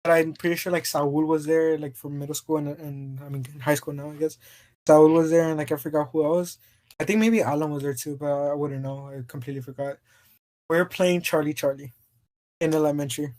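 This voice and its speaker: A man's voice: on the high side, steady tone, a little fast, a little mellow. A man co-hosting a podcast in casual chat, telling a story in a rambling way, stumbling over restarts and laughing often. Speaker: podcast co-host.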